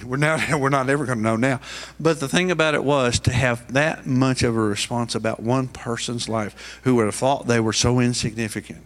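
A man's voice: mid-range voice, fairly even intonation, moderate pace. A middle-aged male pastor preaching a sermon, pressing his points with rising, emphatic questions.

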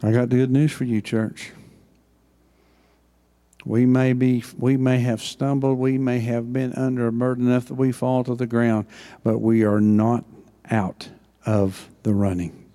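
An older man, preaching a sermon as pastor with passion and swings between loud and hushed delivery. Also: mid-range voice, flat delivery, unhurried.

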